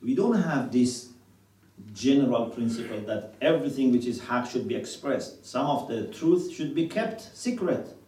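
A man's voice: medium pitch, lively intonation, normal speed, warm tone, reverberant, far from the mic, poor audio. A man teaching a religious class, quoting scripture in Arabic and asking his students questions. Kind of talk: classroom lecture.

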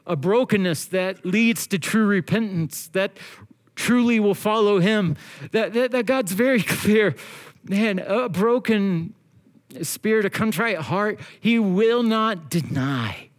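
A man preaching a sermon as pastor, earnest and exhorting, with slow emphatic phrasing. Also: sits high.

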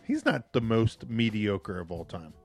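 A man with a lowish voice banters on a podcast, teasing his co-host and filling his talk with "like." Soft music plays faintly in the background. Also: big pitch swings, unhurried. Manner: teasing, chatty, lots of fillers like "like". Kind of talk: casual chat.

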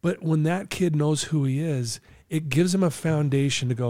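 Here a man with a slightly high, warm voice talks at a moderate pace, in a studio-quality recording without room sound. A client coach appearing as an interview guest, he tells stories earnestly and acts out his talks with clients.

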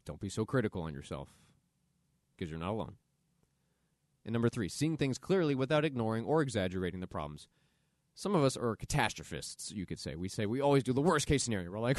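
A man's voice: lowish voice, big pitch swings, quick pace, darkish tone, no room sound, clean studio sound. A man hosting a solo podcast, talking earnestly and conversationally about self-compassion as motivational advice. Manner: earnest, conversational, acts out quoted inner voices. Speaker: podcast host.

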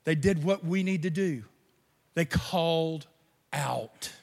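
A man preaching a sermon as pastor, animated, with quiet asides. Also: on the high side, takes it slowly, vocal fry. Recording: long reverb of a large hall.

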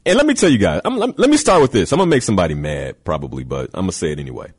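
A man's voice: deep voice, sing-song, very fast, slightly rough. A man hosting a show, giving an emphatic motivational talk with rhetorical questions and repeated key words.

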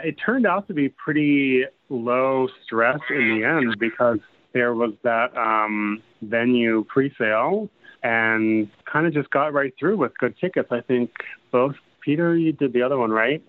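A man's voice: medium pitch, unhurried, no room sound, phone-quality sound. A man co-hosting a casual podcast, wry and joking. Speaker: podcast co-host. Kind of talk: casual chat.

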